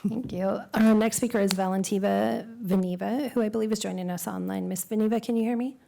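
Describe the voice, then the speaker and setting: A woman chairing a city council meeting, who calls speakers briskly and keeps time. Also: medium pitch, fairly even intonation, gravelly, mellow. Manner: brisk and procedural. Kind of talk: running a public meeting.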